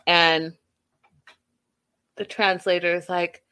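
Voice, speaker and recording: A woman giving a casual, animated recap of a reality show, acting out quotes and laughing as she goes. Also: mid-range voice, measured pace.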